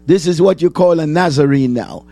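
A man preaching a sermon, asking the congregation questions and answering them, repeating phrases and rising to shouts. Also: on the high side, moderate pace, creaky, soft background music.

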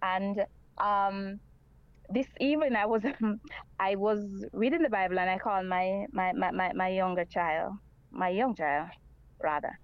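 A woman's voice: mid-range voice, measured pace, clean tone, dry recording, dull audio. A woman calling in to a radio talk show, speaking earnestly and repeating her points. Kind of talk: call-in radio chat.

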